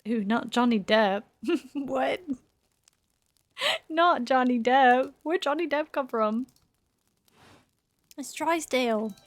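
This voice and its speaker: A woman's voice: high-pitched, slow pace, long pauses, dry recording. A young woman streaming a dating game, chatting, giggling and bantering back at the characters. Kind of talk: live game streaming commentary.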